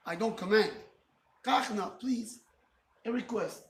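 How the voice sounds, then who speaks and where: A man's voice: high voice, slow pace. A rabbi teaching a Torah class, who acts out dialogue with God and mixes Hebrew and Yiddish terms into his English. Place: study hall. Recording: roomy, from a distance.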